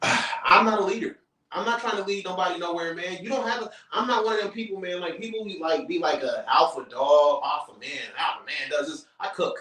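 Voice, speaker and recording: Male comic host, slightly high voice, animated and profane storyteller, distant mic in an echoey room. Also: a little fast. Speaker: comedian and show host. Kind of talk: casual podcast conversation.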